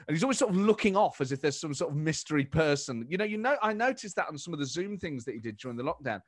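A man from the of England, a comedian chatting as a guest, animated and quick to restart his sentences. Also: on the high side, no room sound, studio quality. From Nottingham, England. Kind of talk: casual interview chat.

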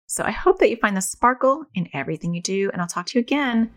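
A middle-aged woman hosting a parenting podcast, talking casually with many fillers in a reassuring, gentle way. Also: medium pitch, animated, fast talker. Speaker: podcast host.

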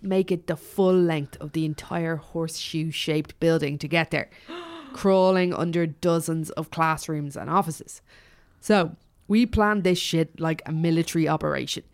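A woman co-hosting a podcast, reading a listener's story aloud in a chatty way with frequent swearing and quick asides. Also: deep voice, animated. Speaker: podcast co-host.

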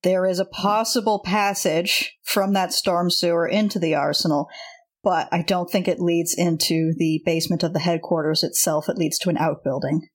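A woman narrating as game master, explaining things in a measured way and laughing often. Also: fairly low pitch, fairly even intonation.

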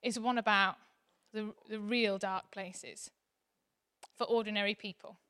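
A woman, preaching a sermon in a chatty, animated way that turns soft and earnest. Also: mid-range voice, unhurried, clear, resonant tone.

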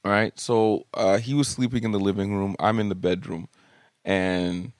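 A young adult man hosting a podcast, telling comic stories about his kids in an animated, jokey way and swearing casually. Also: lowish voice, moderate pace, no echo, clean studio sound. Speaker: podcast host. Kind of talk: comedic storytelling monologue. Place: home studio room.

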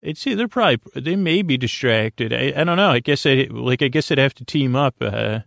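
Gravelly, meandering sleep-podcast man. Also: medium pitch, lively intonation, fairly quick, a bit bright, no echo. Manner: meandering, goofy, full of fillers and restarts. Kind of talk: rambling bedtime monologue.

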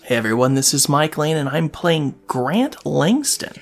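Easygoing man with gravelly voice. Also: a little high, very animated, a little slow, soft background music. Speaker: player. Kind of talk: casual introduction.

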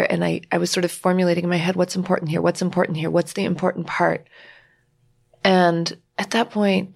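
A woman's voice: lowish voice, vocal fry. A woman guest on a podcast, candidly retelling a painful family story with quoted dialogue. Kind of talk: personal storytelling.

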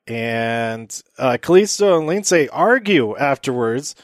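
A man's voice: medium pitch, expressive, slow pace, no room sound. Rambling man recapping in a dry room. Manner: rambling, many fillers, laughs at own jokes. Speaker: podcast host recapping wrestling. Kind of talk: casual solo recap.

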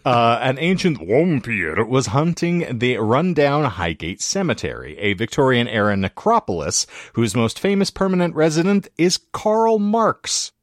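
A man's voice: medium pitch, big pitch swings, normal speed, hardly any pauses, no echo, clean studio sound. A man hosting a podcast, reading a researched story with wry jokes in a casual chat. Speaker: podcast host.

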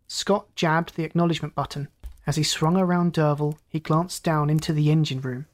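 In a scripted audiobook reading, a host narrates an old science fiction story like a calm, inviting storyteller. His voice sits in the mid-range and moves at a normal speed.

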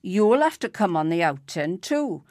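A gruff, blustering uncle from a storybook grumbles in a raised voice, as a woman voices him. His tone swings up and down, and it is read close and dry. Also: fairly low pitch, big pitch swings, moderate pace, darkish tone, no room sound.

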